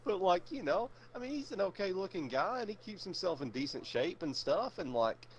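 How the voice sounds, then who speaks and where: In a lo-fi stream, a young man with a high voice and very animated delivery recounts a long story at moderate pace. He wanders off track, curses, and leans heavily on fillers.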